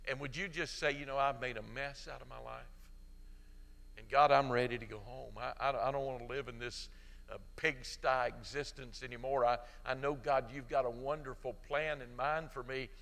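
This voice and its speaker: A middle-aged man preaching a sermon as pastor, swinging from loud emphatic peaks to soft pleading, and leading an altar-call prayer. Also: medium pitch, long reverb tail.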